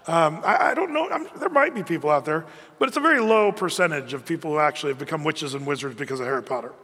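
A middle-aged man preaching a conversational, animated sermon as a pastor, with frequent restarts. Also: on the high side, fast talker, big-room sound.

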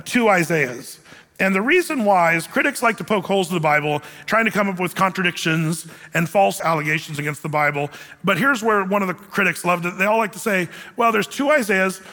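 A man preaching a sermon as pastor, in a conversational, animated style with casual asides. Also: high voice. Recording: long reverb of a large hall.

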